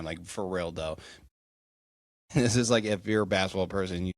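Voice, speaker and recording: Low-voiced man rambling about sports. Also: steady tone, moderate pace, long pauses, a little mellow, dry recording. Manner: rambling, lots of fillers and profanity. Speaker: podcast host. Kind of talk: casual solo sports chat.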